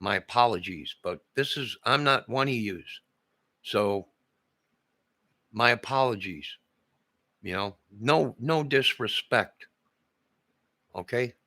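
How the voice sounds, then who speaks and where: An older man rants into his own camera in a rambling, agitated monologue, circling back to the same points again and again. His voice is gravelly and bright, and it sounds dry and close. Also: mid-range voice, lively intonation, takes it slowly, pauses often, dry recording. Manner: agitated, repetitive, ranting. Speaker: vlogger.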